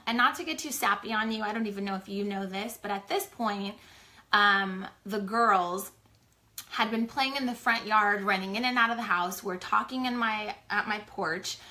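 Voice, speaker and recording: A woman in her forties telling her business story in a casual live chat, animated and chatty, full of "like". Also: mid-range voice, normal speed. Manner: chatty, animated, heavy use of "like". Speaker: small business co-owner sharing her story.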